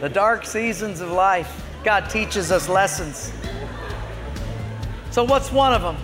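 A pastor preaching a sermon, telling a story and moving from quiet to loud passages. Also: male voice, high-pitched, expressive, takes it slowly, music in the background, a crowd in the background. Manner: storytelling, swinging from hushed to loud. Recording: long hall reverb.

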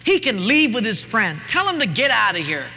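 A man's voice: high voice, big pitch swings, moderate pace, sharp tone, a little hiss or hum, voice pushed up, heavily acted. A man voicing an angry young woman ranting scornfully, recorded in a reverberant hall with faint ambience. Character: angry young woman scolding her brother.

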